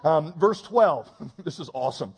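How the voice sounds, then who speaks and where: A man preaching a sermon, reading scripture and adding quick comic asides. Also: a little high, expressive, a little mellow, breathy edge, in a large hall. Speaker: pastor.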